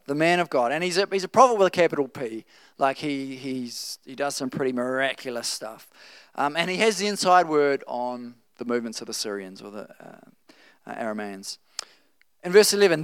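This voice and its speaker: A man preaching a sermon, reading scripture and acting out the quotes with playful, animated asides. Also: on the high side, clean tone, no echo.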